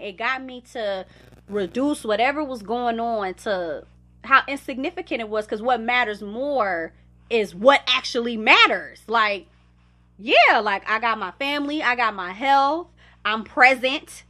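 With a bright, forceful voice pitched a little high, a young woman from the United States hosts a podcast. Her talk is reflective, candid and conversational as she discusses her life, with occasional laughter.

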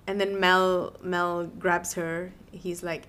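A woman's voice: fairly low pitch, little pitch movement, takes it slowly, fairly bright tone. A woman co-hosting a book podcast, chatting casually, laughing often and acting out quotes from the story. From Malaysia.

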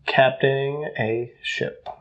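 A man's voice: mid-range voice, steady tone, slow, fairly bright tone, dull audio. A man co-hosting a casual podcast chat, rambling and joking, often breaking into giggles. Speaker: podcast co-host.

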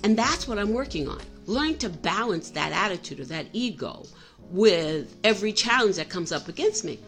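A woman's voice: medium pitch, big pitch swings, normal speed, a bit bright, faint music behind. A middle-aged woman telling a personal story in a candid, self-reflective way, often restarting her sentences.

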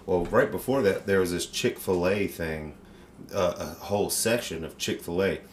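Man, very low voice, animated storyteller, swears a lot, echoey room. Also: normal speed, slight background noise. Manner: animated, swears freely, acts out voices in stories. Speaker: podcast co-host. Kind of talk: casual storytelling chat. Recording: roomy echo.

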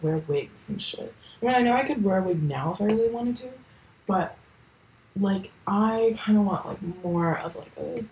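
A woman's voice: mid-range voice, darkish tone, a little hiss or hum, low-quality recording. A teenage girl talking casually on her own podcast at home, rambling with lots of fillers and casual swearing. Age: late teens. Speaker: podcast host. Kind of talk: casual solo podcast chat.

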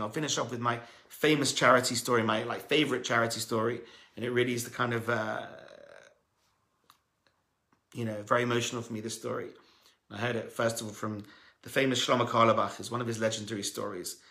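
Male preacher-storyteller, emphatic and animated, ringing echoey room. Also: medium pitch. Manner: animated, emphatic storyteller who builds to loud peaks; addresses listeners as friends. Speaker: religious teacher. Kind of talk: storytelling sermon.

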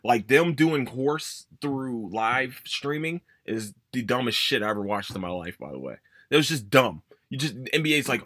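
A man hosts a casual sports podcast, ranting with plenty of swearing. His voice swings widely and leaps up in pitch whenever he stresses a point. The tone is bright, and the recording is dry and close to the mic. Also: animated, moderate pace, no echo. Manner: emphatic, profane, jumps up in pitch for emphasis. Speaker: podcast host.

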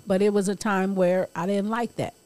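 A woman's voice: mid-range voice, steady tone, normal speed, a crowd in the background. A middle-aged woman co-hosting a podcast, telling candid stories in slangy casual chat. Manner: candid, slangy, chatty storyteller. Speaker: podcast co-host.

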